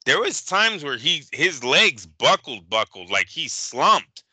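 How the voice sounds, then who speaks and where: A man's voice: fairly high pitch, big pitch swings, bright, forceful tone, slightly rough, dry recording, low-quality recording. A man co-hosting a boxing podcast, giving emphatic, profane fight analysis in casual chat. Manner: emphatic, profane, rapid-fire opinions.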